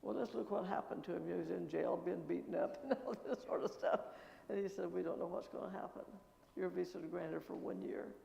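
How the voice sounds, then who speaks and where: An older woman missionary telling her story in church with lively anecdotes and quoted dialogue, recorded in an echoing church. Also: fairly low pitch, a little fast, gravelly, lo-fi sound. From American Midwest. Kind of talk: testimony talk at church. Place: church sanctuary. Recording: echoey church with long reverb.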